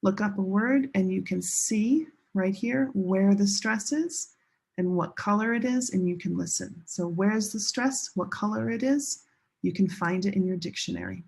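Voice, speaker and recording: Woman, pronunciation teacher, husky voice, repeats sentences to model stress. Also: mid-range voice, lively intonation, darkish tone. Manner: slow, drawn-out modeling of sentence stress with repetition. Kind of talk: classroom lesson demonstrating an app.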